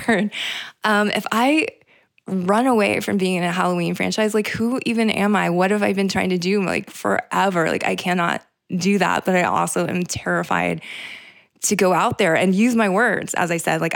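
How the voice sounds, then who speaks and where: A woman's voice: medium pitch, creaky, no echo, studio quality. A young woman hosting a casual solo podcast, rambling with lots of "like" fillers and frequent swearing. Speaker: podcast host.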